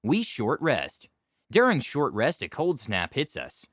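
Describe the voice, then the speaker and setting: A man narrates a tabletop game story with a wry, deadpan touch. His pitch moves in wide, lively swings. The sound is dry and close. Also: slow pace, no room sound.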